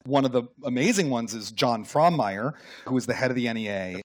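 A man's voice: mid-range voice, brisk. A man being interviewed about his book, telling stories with energy and acting out the people he quotes. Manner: animated storyteller, acts out quotes, some restarts. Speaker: author and guest. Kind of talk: conversational radio interview.

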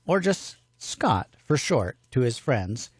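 A man's voice: mid-range voice, very animated, slow pace, breathy edge, dry recording. A man hosting a casual homemade radio show, bantering playfully in a fatherly way. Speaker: host.

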